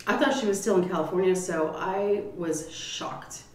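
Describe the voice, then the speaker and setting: Lower-voiced woman telling a story in a roomy room. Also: moderate pace. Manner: lively storyteller who curses and acts out quotes. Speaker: mukbang vlogger. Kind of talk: casual storytelling while eating. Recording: roomy, mic at a distance.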